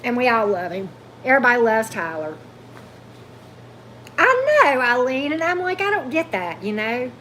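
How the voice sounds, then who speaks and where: A woman hosting a casual livestream, gushing, animated, and answering viewer comments. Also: a little high, brisk, a little hiss or hum. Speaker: tarot channel host.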